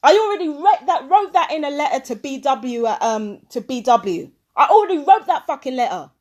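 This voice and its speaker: A woman's voice: sits high, very animated, normal speed, darkish tone. A woman ranting angrily in a vlog, swearing and firing repeated questions at a recording she plays. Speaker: vlogger. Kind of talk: angry commentary over a played recording.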